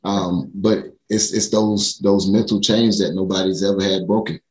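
A man's voice: low voice, steady tone, moderate pace, roomy sound, low-quality recording. An American man in casual conversation, speaking earnestly and reflectively with frequent restarts. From United States. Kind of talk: casual chat.

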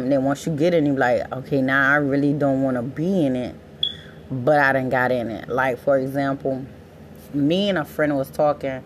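A woman talking casually and bluntly, with lots of profanity, getting louder and more animated when she is heated. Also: low voice, a little hiss or hum. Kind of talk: casual monologue.

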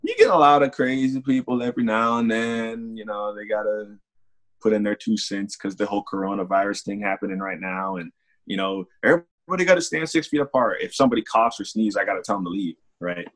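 A man's voice: fairly low pitch, fairly quick. A young man, a security guard and author, telling a story casually in an interview and livening up when he quotes people. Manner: relaxed, animated when quoting people.

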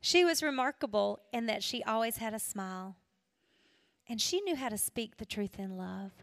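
A middle-aged woman giving a personal testimony sermon to a women's gathering, telling her story earnestly and dropping to a hush for emphasis. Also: fairly high pitch, animated, moderate pace, vocal fry. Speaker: women's ministry speaker. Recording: long hall reverb.

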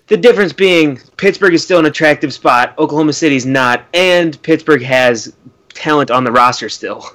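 A man's voice: a little high, normal speed, a bit bright, rough recording. A young man co-hosting a casual sports podcast, making dry, sarcastic comments. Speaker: podcast co-host.

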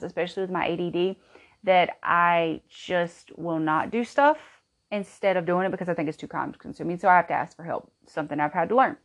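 A woman, hosting a podcast and telling a personal story in an earnest, chatty way. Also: fairly low pitch. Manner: earnest, chatty, with frequent restarts and laughs. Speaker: podcast host, homeschooling mother. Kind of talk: casual personal storytelling monologue.

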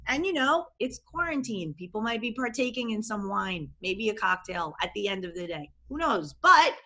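A woman life coach talking casually in an interview, animated and expressive, often acting out what she and others said. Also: mid-range voice, normal speed. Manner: animated and expressive, acts out quoted voices.

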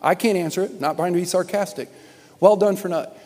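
A man preaching a sermon as pastor, impassioned, swinging from shouts down to quiet, probing questions. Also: high voice, brisk. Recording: music and long hall reverb.

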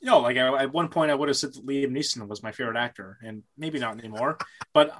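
A man's voice: medium pitch, fast. A man in casual conversation, rambling and restarting, swearing freely as he talks about movies. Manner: rambling, repeats words, profane.

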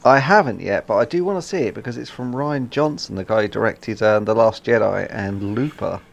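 A man's voice: lowish voice, fairly quick, gravelly. A man, hosting a podcast, chatting casually and asking short questions. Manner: brief, affirming, interviewing. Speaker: podcast host. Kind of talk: casual chat.

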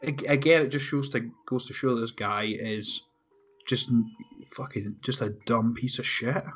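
A man's voice: medium pitch, normal speed, slightly rough. A man casually talking over a movie in a podcast, swearing often and laughing as he retells scenes. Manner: profane, animated, laughs often. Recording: dull lo-fi audio with faint music.

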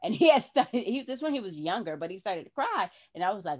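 A woman's voice: medium pitch, sing-song, fast, darkish tone. A woman hosting a podcast, talking in a casual heart-to-heart way and acting out her own past words expressively. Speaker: podcast host.

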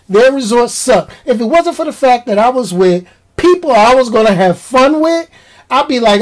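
A woman's voice: on the high side, low-quality recording. A woman vlogging in a casual rant. She is emphatic, uses slang and repeats her key lines.

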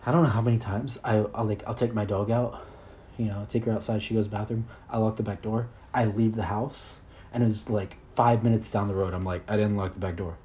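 A man's voice: fairly low pitch, fairly even intonation, fairly quick, dark tone, a little hiss or hum. A man in his early twenties hosting a solo podcast, rambling in a crude, self-deprecating way. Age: 20s. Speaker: podcast host.

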